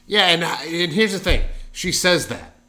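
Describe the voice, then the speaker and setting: A man's voice: fairly high pitch, expressive, a little slow, pushed and bright. A man in casual chat as a podcast co-host, ranting emphatically and swearing a lot.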